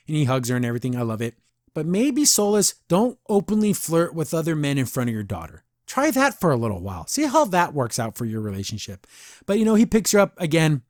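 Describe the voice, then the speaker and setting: A man's voice: a little high, sing-song, brisk, dry recording, studio quality. A man hosting a podcast, casually reviewing an episode, rambling and laughing often. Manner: chatty, rambling, laughs often, says "I don't know" a lot. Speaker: podcast host.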